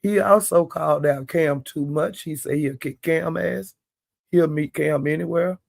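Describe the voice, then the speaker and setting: A man's voice: a little high, measured pace, creaky, no echo. An older man giving blunt, profane commentary in casual chat. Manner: blunt, profane, plain-spoken. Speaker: live-stream commentator.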